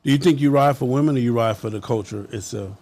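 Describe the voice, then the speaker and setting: A man's voice: medium pitch, fast, a little mellow. A man hosting a casual interview, laid-back and playful, saying "yeah" often while he listens. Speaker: interview host.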